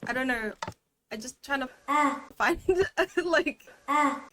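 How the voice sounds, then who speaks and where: A woman's voice: sits high, takes it slowly, background noise. A woman giving a playful, chatty language lesson while streaming a game. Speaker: VTuber language teacher.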